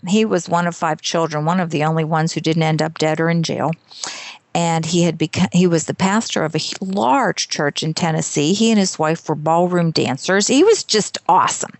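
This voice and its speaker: A woman's voice: fairly low pitch, creaky, no echo. A middle-aged woman, an author, telling her story in an interview, laughing often and acting out quotes. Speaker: author and speaker, podcast guest.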